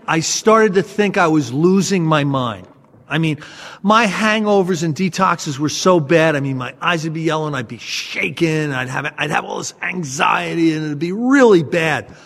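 A man with a notably high voice tells a self-mocking story about his past to a listening audience. He talks in an animated, storytelling way. The sound rings with the long reverb of a large hall. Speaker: speaker sharing a recovery story.

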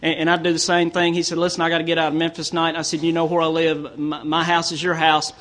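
A middle-aged man from Tennessee speaks at a recovery meeting, spinning stories and jokes in a loose, rambling way. His voice sits high for a man, and he stumbles over and repeats his words as he goes. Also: completely flat delivery, fast talker, fairly bright tone. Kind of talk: storytelling talk with jokes.

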